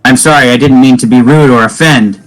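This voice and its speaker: A man playing a tabletop role-playing game, speaking in character with hesitant pauses and filler words. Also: mid-range voice, faint music behind, rough recording. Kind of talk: in-character role-play mixed with table talk.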